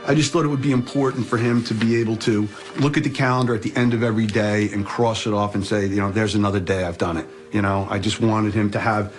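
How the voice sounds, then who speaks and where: A middle-aged man, a bereaved father, speaking quietly and reflectively in a documentary interview. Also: lowish voice, steady tone, fast, faint music behind. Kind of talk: documentary interview, personal account.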